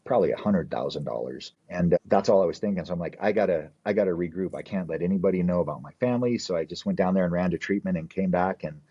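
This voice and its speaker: A man from New Mexico, a podcast guest, tells a story in a low, husky, mellow voice. He rambles and swears, leaning on "like" and "you know." The recording sounds slightly dull and muffled. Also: fast talker, few pauses. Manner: acts out quoted people in his story. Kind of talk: casual storytelling.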